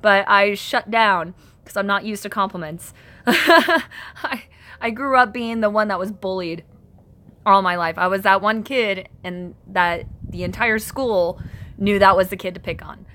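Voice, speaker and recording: A woman hosts a casual live stream from her home and reads viewer comments aloud before answering them. Her voice is bright and sits at a middle pitch. She talks in a chatty, self-conscious way and laughs often. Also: unhurried.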